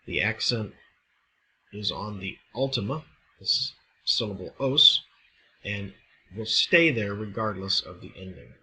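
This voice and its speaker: A man delivers a recorded lesson in a fairly low yet bright, forward voice. He explains each point step by step at a measured pace. A faint hum of room noise sits under his speech. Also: animated, rough recording. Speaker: Greek teacher. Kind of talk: recorded classroom lecture.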